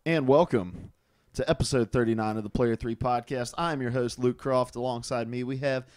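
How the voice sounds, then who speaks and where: A man's voice: mid-range voice, fairly even intonation, moderate pace, a little mellow. A young man hosting a casual gaming podcast, joking and teasing his co-hosts as he tells stories. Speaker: podcast host.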